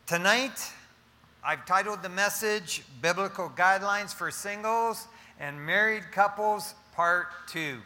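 A man's voice: high voice, slow, pushed and bright, long reverb tail. A male pastor preaching a sermon, telling jokes with playful asides to the congregation.

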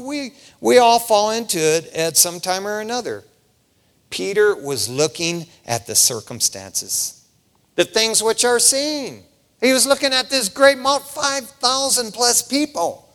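Lively middle-aged male preacher in a reverberant hall. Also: high voice, measured pace. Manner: animated, conversational, peppers lines with "man". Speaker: pastor. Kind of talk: casual preaching sermon. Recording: long reverb of a large hall.

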